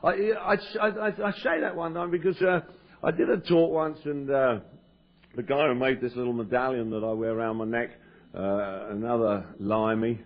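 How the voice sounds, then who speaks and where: English man, self-mocking speaker at a recovery meeting, stop-start delivery. Average pitch, muffled lo-fi tape. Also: fairly even intonation, moderate pace. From England. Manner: joking, self-deprecating, stammering restarts. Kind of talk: humorous personal talk to an audience. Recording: lo-fi 1990s cassette tape.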